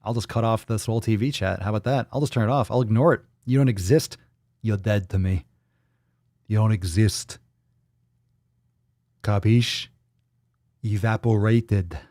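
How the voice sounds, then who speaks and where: A man's voice: medium pitch, quick pace, few pauses, a little mellow, no echo, clean studio sound, natural voice. A man putting on a swaggering tough-guy gangster voice with a clipped, menacing mobster drawl.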